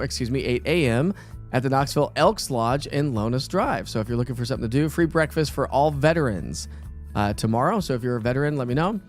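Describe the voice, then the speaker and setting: A chatty middle-aged man hosts a morning weather show, wandering from forecast to trivia with many fillers. His voice sits a little high. Faint music plays under him. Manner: chatty, rambling, filler-heavy.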